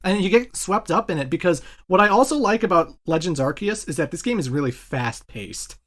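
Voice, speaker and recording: A man's voice: high-pitched, expressive, a little fast, a bit bright. Enthusiastic man rambling about games. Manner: enthusiastic, rambling gamer talk. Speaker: podcast co-host. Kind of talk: casual chat.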